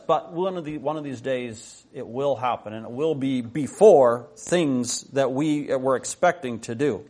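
A man's voice: a little slow, hardly any pauses. A man preaching a sermon, telling a story earnestly, stumbling and restarting now and then, and reading scripture aloud with rising force. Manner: rises in pitch and volume when reading scripture aloud. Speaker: pastor.

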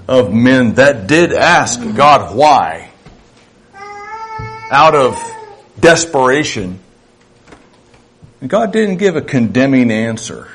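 Man, middle-aged, pastor, sermon, slow, husky, earnest and conversational. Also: medium pitch. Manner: earnest, conversational preaching with acted-out dialogue.

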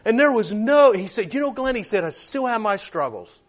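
A man preaching and telling a personal story, his voice pitched high and swinging widely as he acts out each quoted line. He moves between hushed, reflective moments and raised, emphatic ones. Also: moderate pace. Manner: animated, retells dialogue in quoted voices. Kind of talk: sermon storytelling.

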